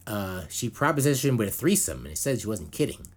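Husky, animated male metal podcast host. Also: fairly low pitch, a little fast. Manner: rambling, profane, animated banter. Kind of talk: casual chat.

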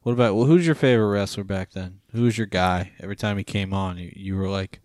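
A man's voice: low voice, quick pace, a little mellow, no echo, studio quality. A man in his thirties hosting a casual movie podcast, laid-back and joking, with lots of fillers. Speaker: podcast host.

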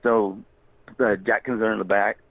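A low, gravelly man rambles through a story as a guest, laughing often. The sound is dry and tinny, as if over a phone line, with no room around it. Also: level tone, no room sound. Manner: rambling, laughing, quick quoted voices. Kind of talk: casual storytelling.

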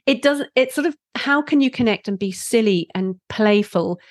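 A woman who works as a parenting instructor, talking as a guest in a podcast interview, playful and quick to laugh. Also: on the high side, no room sound, studio quality. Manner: playful, laughs easily, animated. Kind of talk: conversational interview.

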